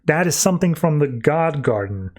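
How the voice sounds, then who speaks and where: A man's voice: fairly high pitch, animated, normal speed. A cocky comic-book vigilante brawler who tosses off offhand one-liners, voiced by a man. A man reads him in a barely changed, everyday voice. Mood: terse.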